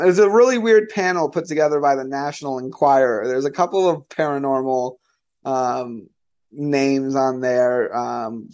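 Talky male storyteller with a slightly high voice, loose and filler-heavy. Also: darkish tone. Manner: chatty, many fillers and "like". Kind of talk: casual storytelling.

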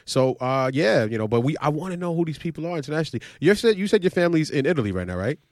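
A man co-hosting a casual sports podcast, an animated storyteller who talks quickly. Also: fairly high pitch, no room sound, studio quality. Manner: animated storyteller, quick, acts out relatives' voices. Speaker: podcast co-host.

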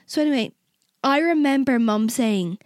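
A young woman with a fairly high voice tells a personal story in relaxed podcast chat. She is candid, swears freely and acts out both sides of remembered conversations. The sound is close and dry. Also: moderate pace, no echo. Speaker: podcast co-host.

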